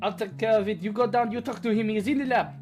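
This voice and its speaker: A man's voice: high voice, fast, a little mellow, soft background music, voice pushed up, natural voice. A man voicing an urgent young woman raising an alarm, speaking in breathless bursts.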